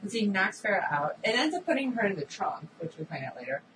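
Woman, casual recap chat, animated, acts out lines, distant mic, background noise. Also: medium pitch, fast talker. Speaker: podcast co-host.

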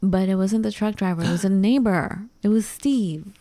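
A female podcast co-host with a mid-range voice chats casually, animatedly acting out the dialogue of the people in her story. She talks at normal speed, and there's no echo.

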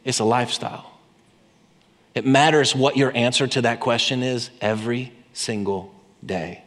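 A man's voice: mid-range voice, steady tone, moderate pace. Impassioned preacher man in a reverberant hall. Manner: impassioned, swings between loud emphasis and quiet intensity. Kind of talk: sermon.

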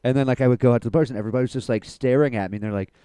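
A young man in a relaxed podcast chat, with a mellow, smooth and resonant voice recorded close and dry. He rambles through stories, fills them with "like", and answers his friend earnestly and kindly. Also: medium pitch, very fast, no echo. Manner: rambling storyteller, earnest, reassuring, laughs easily. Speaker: podcast co-host. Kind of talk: casual chat.

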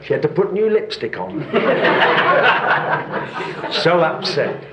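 A man's voice: on the high side, very slow. An older male preacher giving a sermon, telling stories with dry humor. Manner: lively storytelling with dry humor and chuckles. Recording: roomy, dull, slightly noisy hall recording.

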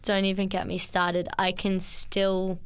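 A woman, speaking in an interview with an earnest, halting manner and many restarts. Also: medium pitch, completely flat delivery, background noise. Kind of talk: testimony interview.

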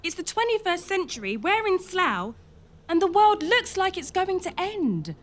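A woman's voice: extremely high pitch, sing-song, normal speed. A woman playing an earnest, exasperated young daughter in a comedy audio drama.

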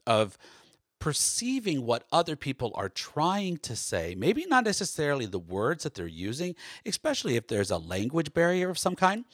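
A man's voice: medium pitch, a bit bright, no room sound, studio quality. An American man hosting a solo podcast, talking in a loose, conversational way with many fillers and restarts. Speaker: podcast host.

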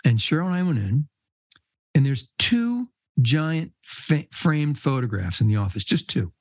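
An older man appears as a podcast guest, telling casual, rambling anecdotes and laughing mid-sentence. His medium-pitched voice is sing-song and unhurried, captured in a dry recording.

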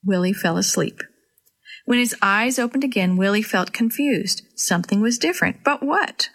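A woman's voice: medium pitch, expressive, moderate pace, a bit bright. Woman reading a children's story.

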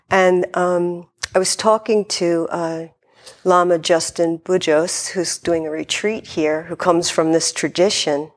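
A woman Zen teacher giving a dharma talk in a reflective, gently hesitant way. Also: lowish voice.

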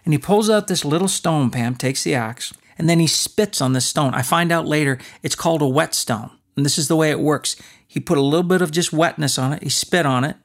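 A man co-hosting a faith talk show, teaching in an animated, preacher-like way and acting out stories. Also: on the high side, fairly quick. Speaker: podcast co-host. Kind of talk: conversational faith teaching with storytelling.

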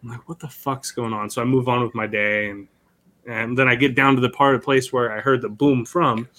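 A man's voice: mid-range voice, fairly even intonation, fairly quick, bright, forceful tone. A man telling a rambling, profane story in casual podcast chat, laughing as he goes. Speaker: podcast co-host.

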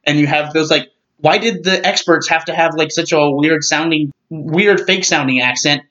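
A man with a slightly high voice argues his case in a casual film chat, pushing back and pressing each point. The recording sounds dull and lo-fi. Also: normal speed, fairly bright tone. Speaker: podcast co-host.

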